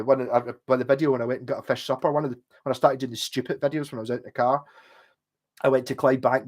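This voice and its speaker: A man with a posh Glasgow accent, rambling and swearing casually as he chats on a livestream. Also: medium pitch. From Scotland. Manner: chatty, swears, wanders between stories. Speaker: livestream host.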